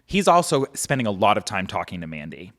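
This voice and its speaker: A man with a fairly low-pitched voice, talking a little fast, appears as a podcast guest telling a story. He's casual and animated, acting out quotes and filling his speech with "like."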